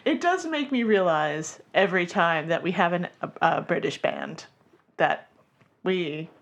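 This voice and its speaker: A woman's voice: fairly low pitch, expressive, measured pace, vocal fry. A woman from North Carolina co-hosting a casual chat show. She jokes around and laughs often. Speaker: co-host.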